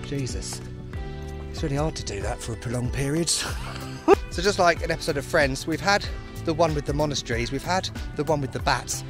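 Outdoors on a spa town street, a man films a walking travel vlog, brisk and a little high-voiced, with music in the background. He's chatty and enthusiastic, poking fun at himself as he goes.

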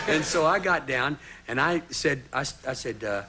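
A man's voice: mid-range voice, expressive, moderate pace, crowd noise. A man telling a rambling, jokey story as a talk show guest and acting out the voices in it. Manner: rambling, jokey, acts out voices in his stories. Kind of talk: animated anecdote telling. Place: talk show studio with audience. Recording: old TV broadcast, audible hiss.

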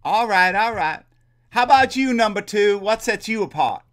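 A man's voice: high voice, expressive, moderate pace, fairly bright tone. A man playing a playful bachelor quizzing contestants on a dating game show in a comedy sketch. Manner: playful, teasing host-like delivery.

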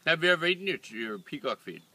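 Feeding animals at an outdoor ranch, this male vlogger keeps up a casual chat and sweet-talks the creatures in baby talk. He talks fast, with a slightly high, expressive voice that sounds pushed and bright. Background noise fills the outdoor recording.

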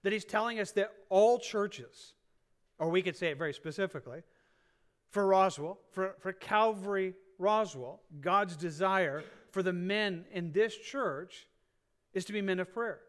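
A man preaching a sermon in a church as pastor, earnest, often restarting phrases and drawing out key words. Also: high voice. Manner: earnest, repeats and restarts phrases, drawn-out stresses.

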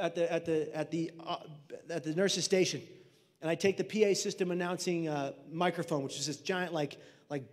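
A man telling a personal story on stage as a mental health speaker, animated and loud at the punchlines. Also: a little high. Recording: reverberant hall.

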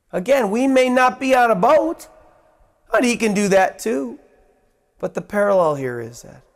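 A man preaching a sermon as pastor, swinging from raised, emphatic lines to hushed ones and repeating phrases for emphasis. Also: sits high, creaky.

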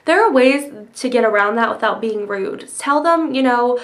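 Young woman vlogging, kinda high voice, chatty with lots of ums and likes, has hiccups. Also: expressive, moderate pace, few pauses, a bit bright. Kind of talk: casual answers to a tag video.

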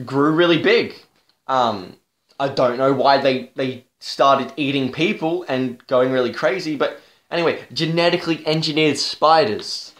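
Young male vlogger, fairly high voice, profane and exasperated, roomy echo. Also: a bit bright. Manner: profane, exasperated, halting with restarts. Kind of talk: ranting TV review. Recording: echoey room.

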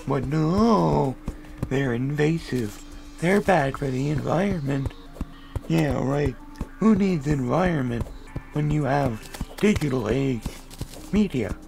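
A young man giving rambling comic gameplay commentary, goofy and full of random tangents with deadpan asides. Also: on the high side, creaky, rough recording. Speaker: gaming video creator.

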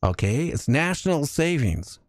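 A man hosting a casual talk radio show, telling jokey stories with lively energy. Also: on the high side, unhurried, no echo, clean studio sound. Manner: animated storytelling, jokey.

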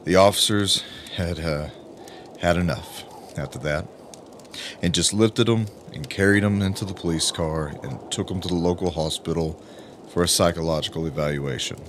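A man narrating an audiobook in a grave, emphatic way with dramatic pauses. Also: low-pitched, a little hiss or hum. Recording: music playing under the voice.

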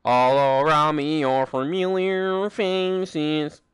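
This gaming streamer is a young man with a fairly high, smooth voice and a flat delivery, drawing out his words with no echo. He chats casually with friends during gameplay, cracking jokes, cursing, and humming short tunes.

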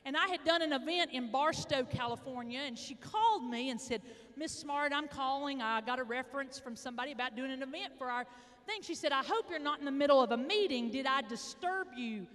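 A middle-aged woman with an Arkansas accent giving a motivational speech, telling folksy stories with dramatic pauses. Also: sits high, lively intonation, fairly bright tone. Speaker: motivational speaker. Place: large indoor hall, addressing an audience. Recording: echoey large hall.

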